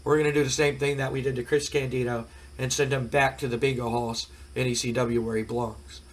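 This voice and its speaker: A man's voice: mid-range voice, little pitch movement, fairly quick, lightly acted. A man with a cold-cracked voice voicing a sneering, taunting male wrestling manager.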